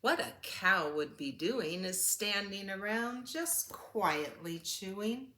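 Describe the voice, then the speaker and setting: A woman voicing a slow, placid farm cow in a storybook read-aloud. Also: mid-range voice, lively intonation, pushed and bright, reverberant, a little hiss or hum.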